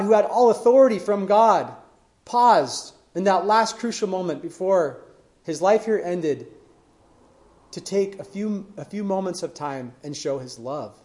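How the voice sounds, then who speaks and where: A man preaching a sermon, retelling scripture stories earnestly and letting his voice fall to a hush at the ends of phrases. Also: high voice, measured pace.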